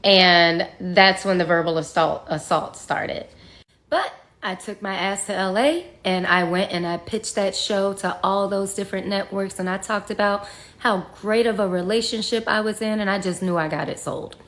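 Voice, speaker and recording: With a mid-range, slightly bright voice, normal speed, and fairly even intonation, a woman addresses viewers directly as she recounts her own story. She is candid and frank, sometimes profane, and uses conversational fillers.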